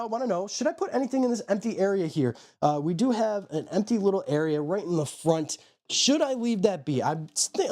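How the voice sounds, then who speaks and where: Man, live streamer, casual chat, rambling, high-ish voice, animated pitch. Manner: rambling and chatty, greets viewers by name. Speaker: live streamer showing his pet enclosures. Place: room at home.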